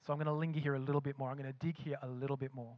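A man's voice: mid-range voice, flat delivery, rapid-fire, no room sound, highs cut off. A man preaching a sermon as pastor, emphatic, with frequent repeated restarts. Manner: acts out imagined voices of believers.

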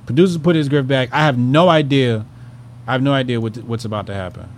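A man's voice: medium pitch, fast talker, slight background noise. Rambling, profane male show host. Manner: rambling, loose, swears freely, trails off with "um". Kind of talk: casual profane commentary.

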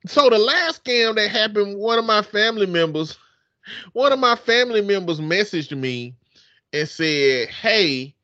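A man's voice: on the high side, sharp tone, no room sound, dull audio. A man co-hosting a casual podcast, telling stories in a joking, profane way. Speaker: podcast co-host.

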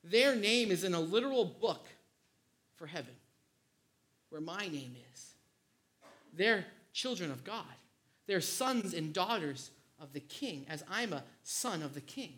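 Man, pastor, sermon, bright tone, animated, repeats words. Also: high voice, unhurried, pauses often. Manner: animated, acts out family scenes, repeats words.

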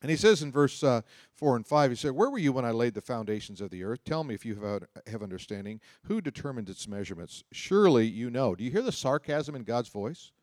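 A man's voice: mid-range voice, lively intonation, fast, darkish tone, no room sound, clean studio sound. A man preaching a sermon, reading scripture aloud and explaining it in a conversational way, often asking his listeners questions. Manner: conversational, asks the audience questions. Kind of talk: sermon, Bible teaching.

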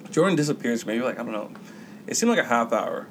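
A man's voice: medium pitch, sing-song, fast, slight background noise, poor audio. A man co-hosting a podcast, telling a rambling, profane story in casual chat and acting out the voices of the people in it. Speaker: podcast co-host.

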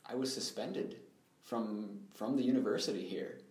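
A young man speaks as an interview guest, his voice sitting a little low. He tells his story earnestly and reflectively. The recording carries a noticeable roomy echo. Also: moderate pace, darkish tone. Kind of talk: personal life story interview.

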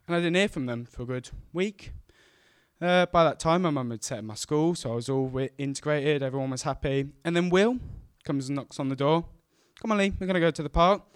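A young man telling a childhood story on stage, lively and acting out the voices of the people in it. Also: medium pitch, smooth, dry recording, studio quality. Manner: animated, acts out the voices of people in his story.

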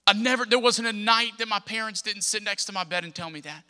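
A man's voice: high-pitched, quick pace, few pauses, sharp tone. A man, preaching a sermon in an impassioned, repetitive cadence. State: tearful at times. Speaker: pastor. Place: church sanctuary. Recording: long church hall reverb.

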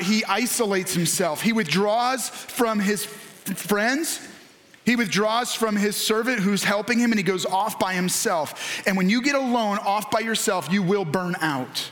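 A male pastor with a high voice preaches with animated energy. He acts out the voices of the people he quotes and rises now and then to a shout. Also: measured pace. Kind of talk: sermon.

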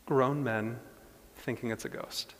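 A man's voice: medium pitch, steady tone, a little slow. Preaching man in a reverberant hall. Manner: builds from hushed, reflective passages to loud, emphatic preaching. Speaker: pastor. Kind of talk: sermon.

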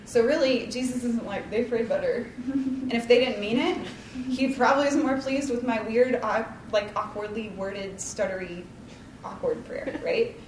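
A woman's voice: a little high, moderate pace, a little hiss or hum. A woman leading a casual devotional talk, chatty and rambling, with lots of likes and ums and a self-deprecating tone. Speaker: Bible study leader. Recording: roomy, distant mic, faint ambience.

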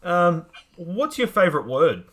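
Enthusiastic podcast host. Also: male voice, sits high, sing-song, measured pace, a bit bright. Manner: enthusiastic, frequent ums and laughs. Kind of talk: casual interview chat.

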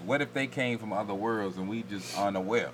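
Bright-toned laid-back man. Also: lowish voice, a little fast, slight background noise. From Turks and Caicos family roots. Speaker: podcast co-host. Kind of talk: casual chat.

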